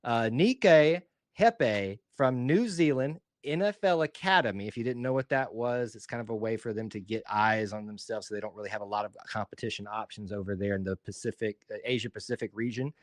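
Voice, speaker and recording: A man's voice: on the low side, fairly quick, hardly any pauses, no room sound. A man from Alabama with an Alabama Southern accent, co-hosting a casual sports podcast in a rambling, joking, self-deprecating way. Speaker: podcast co-host.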